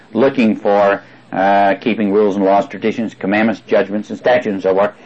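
A man's voice: mid-range voice, breathy edge, lo-fi sound. A man preaching a sermon, explaining and repeating words for emphasis, with frequent fillers.

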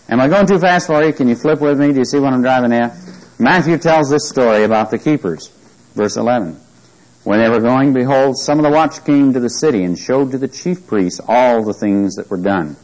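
A man's voice: mid-range voice, rough recording. A man teaching a Bible class, reading scripture aloud and quizzing his listeners with questions.

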